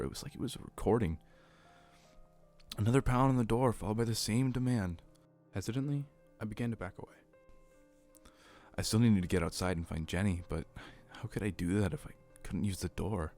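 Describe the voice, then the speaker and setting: A man narrates a horror story in a low, steady voice. His reading is earnest and even, with faint music playing underneath.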